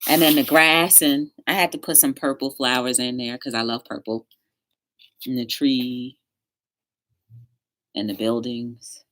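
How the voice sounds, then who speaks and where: A woman's voice: very deep voice, fairly even intonation, a little slow, long pauses, a bit bright. A woman hosting a live-stream talk show, telling stories with energy and greeting viewers in the chat by name. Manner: upbeat, encouraging.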